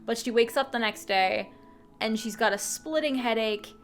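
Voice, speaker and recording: A woman's voice: fairly high pitch, moderate pace, soft background music. A woman casually retelling a game's story as a channel host, chatty and full of fillers and restarts. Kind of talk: casual game story recap.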